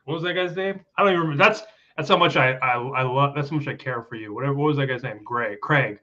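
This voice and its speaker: A man's voice: mid-range voice, fast, pushed and bright, muffled recording. A man trading crude, self-mocking jokes in a casual chat as co-host. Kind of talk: casual banter.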